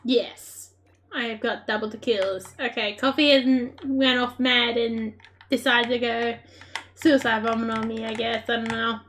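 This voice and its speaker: A woman narrates her own game as she plays, excitable and quick to laugh, throwing playful taunts at her opponents. Her voice sits a little on the high side. Faint keyboard clicks tick away in the background. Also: a little hiss or hum. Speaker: gaming creator. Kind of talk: live gameplay commentary.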